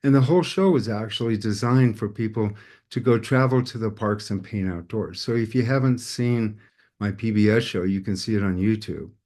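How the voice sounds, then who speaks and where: A man's voice: on the low side, moderate pace, a little mellow. A middle-aged man telling a personal story to a group as host, acting out the voices of people in it. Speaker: podcast host, painter.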